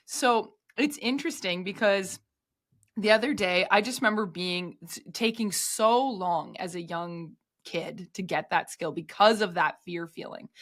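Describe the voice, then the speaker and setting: A woman who coaches gymnastics, telling stories in a casual podcast chat, animated and full of "like" fillers. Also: medium pitch. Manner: animated storyteller, many "like" fillers.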